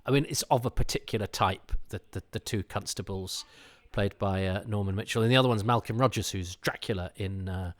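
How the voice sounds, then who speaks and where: A middle-aged man talks through an old television episode as a podcast host, eager and digressive. His voice sits a little low. He stumbles over restarts and fillers as he chases one tangent after another. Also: a little fast.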